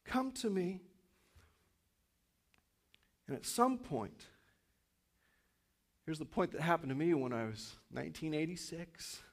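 A man in his fifties preaching a sermon in a church, animated, acting out inner voices and swinging from loud to quiet. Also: on the high side, normal speed, vocal fry, pauses often. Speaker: pastor.

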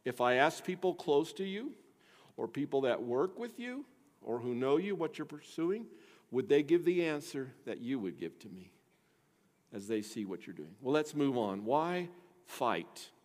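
A man's voice: mid-range voice, very animated, a little slow, darkish tone. A man preaching a sermon as pastor, earnest and putting direct questions to the congregation. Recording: long echo of a large hall.

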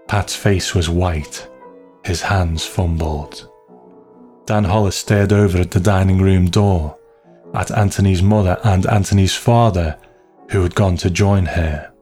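A man narrating a story in a slow, measured, hushed way. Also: low-pitched.

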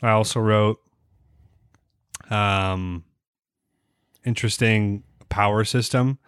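A man's voice: fairly low pitch, fairly even intonation, takes it slowly, fairly bright tone, clean tone, no echo, clean studio sound. A man co-hosting an anime podcast, talking casually and rambling with lots of fillers and restarts. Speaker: podcast co-host. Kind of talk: casual anime review chat.

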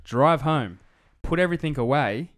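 An Australian man co-hosting a casual podcast, telling stories with lots of swearing and a lively delivery. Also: on the high side, moderate pace. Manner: sweary, animated storyteller. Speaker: podcast co-host. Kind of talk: casual chat.

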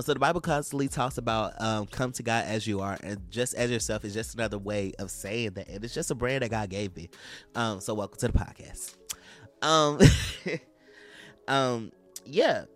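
A man hosting a casual faith podcast, talking loosely with lots of fillers and restarts. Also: medium pitch. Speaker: podcast host.

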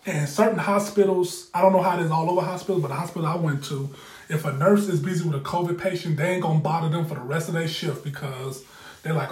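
A man's voice: on the high side, fairly even intonation, fast, darkish tone. Profane, rambling man in an echoey room. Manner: candid, profane, rambling, with frequent repeats. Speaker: podcast host. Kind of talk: casual storytelling. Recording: roomy echo.

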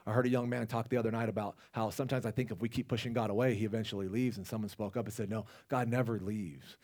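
A man's voice: on the low side, fairly even intonation, rapid-fire, a little mellow. A man preaching a casual, conversational sermon, rambling with restarts and asides to the congregation. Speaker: lay preacher.

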